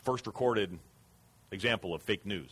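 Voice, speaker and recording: A man's voice: lowish voice, normal speed, a bit bright, slight background noise. A man preaching a sermon as pastor, earnest and emphatic.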